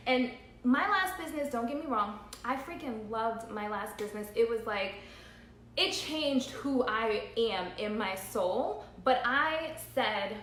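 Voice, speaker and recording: High-voiced woman in an echoey room. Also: pushed and bright, slight background noise. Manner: earnest, repeats phrases, laughs through emotion. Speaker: entrepreneur vlogger. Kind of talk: emotional livestream monologue. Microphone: phone livestream.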